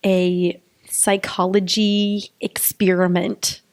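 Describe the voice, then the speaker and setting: A woman's voice: medium pitch, flat delivery, slow pace. Giggly chatty woman podcast co-host. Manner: chatty, giggly, lots of fillers. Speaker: podcast co-host, pelvic physical therapist. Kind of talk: casual chat.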